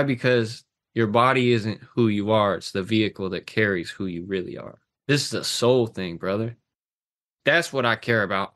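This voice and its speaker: A man's voice: mid-range voice, a bit bright. A man with a mid-range voice talks with raw passion, pressing his points hard and dropping the odd curse. He sounds like a coach sharing hard-won lessons in a podcast conversation. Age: adult, has a daughter. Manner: passionate, intense, swears freely. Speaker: guest coach. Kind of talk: emotional podcast talk.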